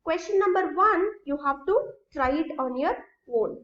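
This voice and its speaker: A woman teacher giving a recorded grammar lesson. She goes slowly, step by step, and often checks that students follow. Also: very high-pitched, expressive, a bit bright. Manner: slow, explains step by step, checks understanding. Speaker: school English teacher. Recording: echoey room, dull lo-fi sound.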